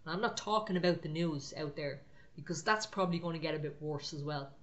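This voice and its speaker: A woman's voice: deep voice, quick pace, muffled recording. A woman preaching an encouraging prophetic sermon to online viewers, talking in short, repeated exhortations.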